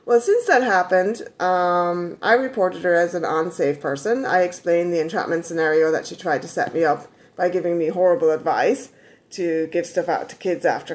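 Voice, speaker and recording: Lady telling a storytime vlog, voice bounces way up and down, sarcastic little asides. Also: fairly low pitch.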